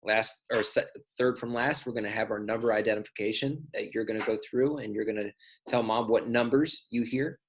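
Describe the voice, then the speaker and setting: A man's voice: on the low side, fairly even intonation, brisk, slight background noise, poor audio. A male teacher recording patient, step-by-step instructions for a parent and child in a remote lesson.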